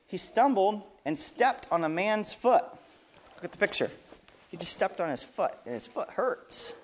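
A man reading a story aloud to children, stopping often to ask them questions. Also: high-pitched. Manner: lively, asks the kids questions.

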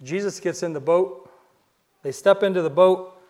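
High-voiced man preaching a sermon. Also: moderate pace, a little mellow. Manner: conversational storytelling with repeated words and restarts.

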